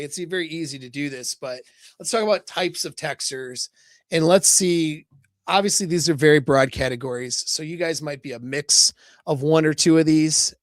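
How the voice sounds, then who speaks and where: A man giving a live dating-coach talk in a casual, loose way, full of fillers and quick "right?" checks. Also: fairly high pitch, no echo, studio quality.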